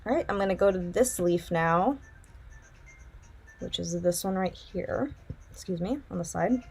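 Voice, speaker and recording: A woman's voice: on the low side, a little slow, vocal fry, darkish tone, husky. A young woman teaching digital drawing, talking casually and thinking aloud as she works. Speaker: art instructor. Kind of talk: casual drawing tutorial narration.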